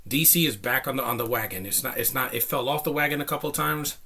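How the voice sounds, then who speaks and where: A man's voice: medium pitch, fast talker, pushed and bright. A young man giving a casual, rambling movie review, enthusiastic and a bit out of breath, with lots of fillers and restarts. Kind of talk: casual spoken film review.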